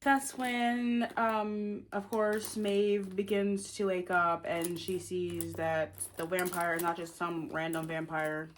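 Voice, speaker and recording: A woman's voice: fairly low pitch, little pitch movement, slow pace, hardly any pauses, a little hiss or hum. A young woman casually retelling the plot of her own novel, chatty and full of fillers, often breaking into giggles.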